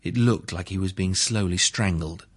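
A man reads a story aloud in a steady, even way. His voice sits low and has a husky, breathy texture. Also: moderate pace. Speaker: narrator. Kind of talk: storytelling narration.

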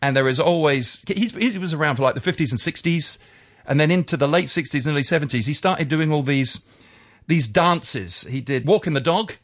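A man's voice: a little high, fairly quick. A male radio DJ chatting about his music picks in a jokey, rambling way.

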